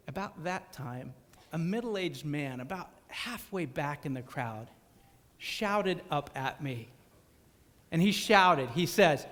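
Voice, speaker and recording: A male preacher telling a story in a sermon, animated and often repeating words as he stumbles. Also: fairly high pitch, takes it slowly, in a large hall.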